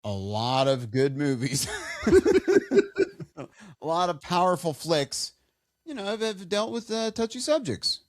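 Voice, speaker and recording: In a clean, echo-free studio recording, this man co-hosts a podcast and tells loose, meandering stories full of false starts. His voice is fairly high and animated, suited to the casual chat.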